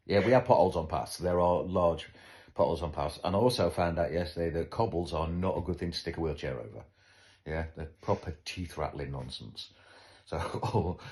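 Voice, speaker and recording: A man with a very low, deep voice talks casually as a podcast host. His manner is wry and joking, and he pokes fun at himself as he chats. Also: darkish tone. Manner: wry, joking, self-deprecating. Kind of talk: casual chat.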